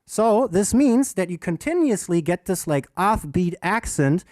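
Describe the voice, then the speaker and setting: A man's voice: sits high, a little slow, no room sound, clean studio sound. A man, a DJ, teaching rhythm in a casual livestream workshop, swearing often and poking fun at himself, alone in a room. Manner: animated, swears a lot, self-mocking. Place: alone in a room under a bright light.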